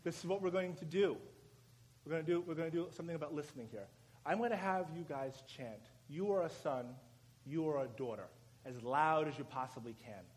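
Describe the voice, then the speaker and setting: A man preaching at a prayer meeting, giving directions and leading the crowd in a chant that he drives louder with shouted commands. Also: fairly high pitch, fairly quick. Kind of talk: sermon and call-and-response chant leading. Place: church or prayer meeting hall. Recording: live room with crowd and background noise.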